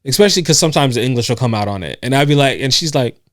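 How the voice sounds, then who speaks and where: A man's voice: mid-range voice, lively intonation, very fast, no echo, clean studio sound. A man co-hosting a podcast in casual chat, telling stories, laughing often and acting out what others said. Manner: storytelling, laughs often, acts out quotes. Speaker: podcast co-host. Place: indoors on a couch.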